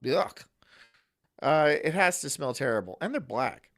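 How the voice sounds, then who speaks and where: A man's voice: on the high side, lively intonation, measured pace, fairly bright tone. A man hosting a live stream, talking casually with crude, sarcastic, mocking remarks. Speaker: streamer host. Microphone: studio mic.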